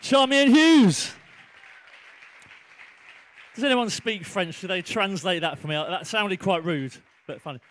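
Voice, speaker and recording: A man compering a live comedy show, loudly bantering with the audience between acts. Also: sits high, expressive, normal speed, few pauses, a faint crowd, a little hiss or hum.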